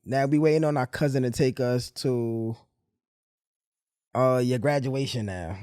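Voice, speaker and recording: A man hosting a podcast, telling stories in a loose, animated way. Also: medium pitch, measured pace, clear, resonant tone, dry recording, studio quality. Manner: storytelling, animated retelling. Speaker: podcast host. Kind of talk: casual podcast chat.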